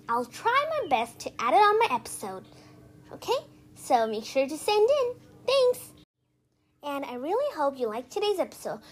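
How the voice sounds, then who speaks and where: A woman hosting her own podcast, giving upbeat, chatty tips and filling her talk with "like" and "so". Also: high voice. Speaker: podcast host.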